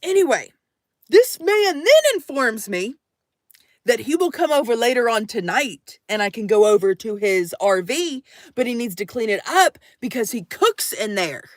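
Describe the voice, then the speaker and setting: A woman telling a story to her live audience in a casual, animated way, swearing and acting out the voices in it. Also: a little high, normal speed, no echo, clean studio sound.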